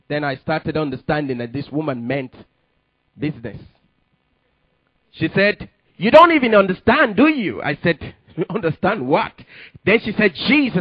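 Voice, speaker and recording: Male pastor preaching, high pitched, kinda muffled lo-fi audio, gets loud and punchy. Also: no room sound. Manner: emphatic testimony preaching with sudden loud climaxes. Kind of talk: sermon.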